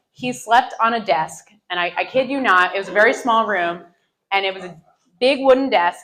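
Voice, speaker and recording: Bright-voiced woman telling a live story. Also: medium pitch, rough recording. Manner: animated, self-mocking, laughing through her lines. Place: live stage before an audience. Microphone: stage microphone.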